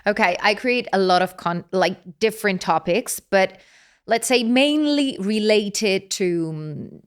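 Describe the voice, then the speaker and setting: A woman's voice: mid-range voice, expressive, slow pace, clean tone. A young adult woman from Rome with an Italian accent, chatting expressively as an interview guest with frequent hesitations. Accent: Italian, Roman. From Rome, Italy. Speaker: polyglot content creator guest. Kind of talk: casual interview chat.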